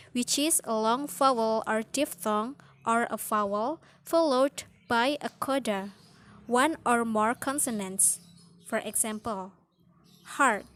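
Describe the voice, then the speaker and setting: A woman works through a phonetics lesson on word stress. Her voice sits slightly high and she moves at an unhurried, careful pace. She lingers over each example word as she reads out the rules. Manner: slow, careful reading of rules with drawn-out example words.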